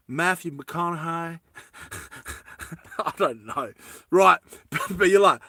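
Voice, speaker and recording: A man's voice: medium pitch, lively intonation, a little slow, pauses often, bright, forceful tone, no echo. A man talking to his viewers in a rambling comic monologue, chatty and laughing between thoughts, full of casual slang. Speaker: vlogger.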